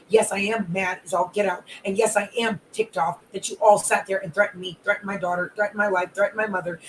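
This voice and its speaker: A wellness coach holds a live audio room in a tightly controlled rage. The voice sits in a middle register and piles complaint on complaint in long repetitive runs, staying measured rather than shouting. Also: medium pitch, slight background noise, rough recording. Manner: controlled anger, long repetitive lists of grievances. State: calmly enraged.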